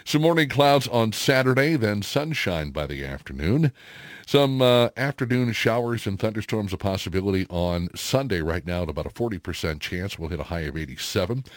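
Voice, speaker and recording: A man's voice: on the low side, lively intonation, normal speed, no echo, clean studio sound. A middle-aged man hosting a morning radio show, chatting casually with lots of fillers. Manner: chatty, folksy, many fillers. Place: radio studio.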